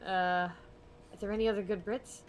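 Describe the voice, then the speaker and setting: A young woman hosting an art stream who talks casually while she draws, rambling and laughing often, sometimes dropping to quiet mumbles as she works. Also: mid-range voice, steady tone, fairly quick, slight background noise. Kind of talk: casual chat while drawing.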